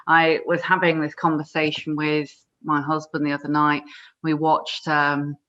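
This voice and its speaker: A woman's voice: low-pitched, a little slow. Chatty woman host, lo-fi sound. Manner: chatty, animated storytelling. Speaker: podcast host. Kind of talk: podcast interview. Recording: dull lo-fi sound.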